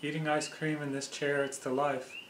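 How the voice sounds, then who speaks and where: A man's voice: on the high side, level tone, moderate pace, fairly bright tone, slight background noise, natural voice. A man voicing a quirky, playful man who is writing and eating ice cream. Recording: echoey room.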